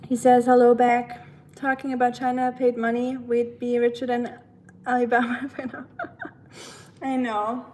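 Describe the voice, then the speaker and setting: A woman's voice: a little high, flat delivery, measured pace, a little mellow, roomy sound, a little hiss or hum, poor audio. A young woman from southern Germany with a German accent, chatting casually with her live stream audience, laughing often and reacting to chat messages. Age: young adult.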